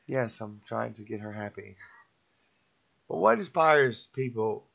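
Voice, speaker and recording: A middle-aged vlogger delivers a rambling motivational rant that is repetitive and preachy. His voice is on the low side, animated and a little slow, with vocal fry and a fairly bright tone. The recording is muffled, dull and lo-fi.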